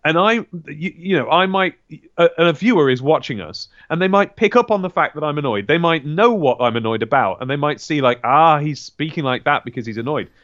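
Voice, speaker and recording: A man co-hosting a podcast in casual chat, animated and rambling, often correcting himself and laughing. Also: fairly high pitch, brisk, no room sound, lo-fi sound. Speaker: podcast co-host.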